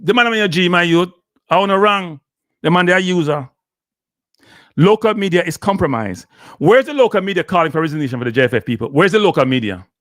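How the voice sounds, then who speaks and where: Jamaican host, heated patois rant, rapid-fire, dry close sound, fairly high voice. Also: male voice, expressive, a bit bright, dry recording. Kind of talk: heated live commentary.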